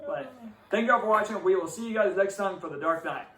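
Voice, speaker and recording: Young male podcast host, high voice, distant roomy mic. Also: fairly quick. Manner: relaxed, drawls with filler "like". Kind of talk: casual movie review chat. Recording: roomy echo, distant mic, faint hiss.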